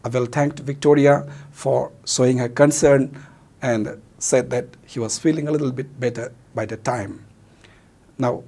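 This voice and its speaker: A man's voice: medium pitch, darkish tone, husky. A male teacher with a Manipuri accent, a native Meitei speaker, explaining a play in a recorded lesson, mixing Meitei and English and glossing words.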